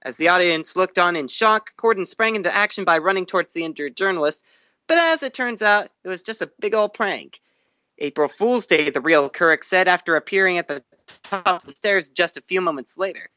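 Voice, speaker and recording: An entertainment reporter and co-host of an online news show calls in over the internet, reading stories and tacking on wry jokes. His high voice is expressive, a little fast, bright and forceful, with no room sound.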